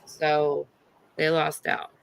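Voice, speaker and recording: A middle-aged woman hosting a livestream, telling a story in a casual, animated and profane way. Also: low-pitched, very slow, vocal fry, clean tone. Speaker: livestream host.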